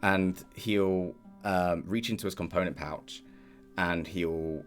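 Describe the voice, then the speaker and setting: A man narrating a tabletop game as game master, relaxed and rambling with many hesitations. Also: low voice, takes it slowly, soft background music.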